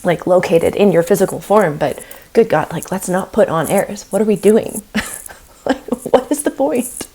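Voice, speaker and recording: A woman guest on a podcast, talking in a casual, animated way and often breaking into laughter. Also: medium pitch, normal speed, husky.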